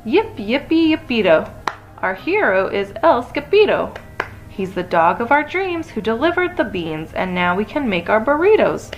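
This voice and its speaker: A woman voicing a chorus of cheerful chihuahua dogs, chanting a gleeful, high, sing-song verse. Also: big pitch swings, moderate pace, soft background music. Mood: joyful.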